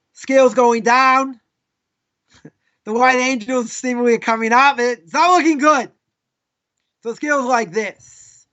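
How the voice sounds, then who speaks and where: Male rabbi, live lesson; high-pitched, casual storyteller with asides, dull lo-fi recording. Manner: casual, animated, with frequent asides. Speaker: rabbi teaching a class.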